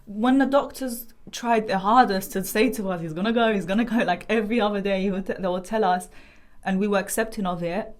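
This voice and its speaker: A woman's voice: medium pitch, steady tone. Emotional young woman giving testimony. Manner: emotional, halting, with restarts and nervous laughs. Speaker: guest sharing her family's story.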